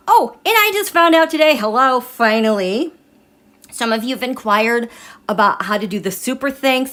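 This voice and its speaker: A middle-aged woman hosting a tarot and astrology livestream in casual live chat, emotional and halting, with frequent restarts. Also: mid-range voice, a bit bright.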